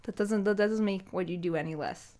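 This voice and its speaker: Young woman streamer, emotional and teary, loose rambling chat with lots of "like", average pitch. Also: brisk, a little mellow. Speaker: streamer and singer. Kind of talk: casual live-stream chat.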